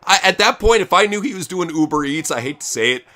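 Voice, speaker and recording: A man co-hosting a casual watch-along chat, crude and laughing, often slipping into quick impressions. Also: high voice, lively intonation, pushed and bright. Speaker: co-host. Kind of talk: casual profane chat while watching wrestling.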